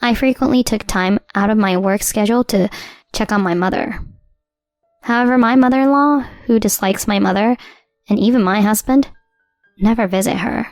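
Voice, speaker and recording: Measured woman narrating a story. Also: medium pitch, a little mellow, no echo, studio quality, faint music behind.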